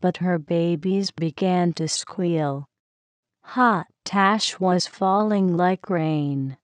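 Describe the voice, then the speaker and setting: Woman narrating a kids' storybook, very slow and smooth, dry close sound. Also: fairly low pitch, no echo. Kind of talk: children's story reading.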